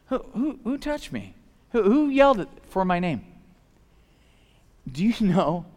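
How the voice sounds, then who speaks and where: A man preaching a casual, animated sermon, swinging from loud emphatic shouts to soft low asides, with lots of conversational fillers. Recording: long hall reverb.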